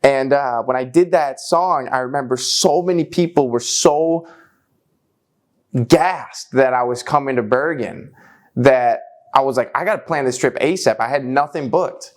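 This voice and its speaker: A man's voice: mid-range voice, measured pace. A young man chatting casually, telling stories with lots of slang and filler words. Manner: animated, slangy, lots of "like" and "bro". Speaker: musician and guest. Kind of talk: casual storytelling chat.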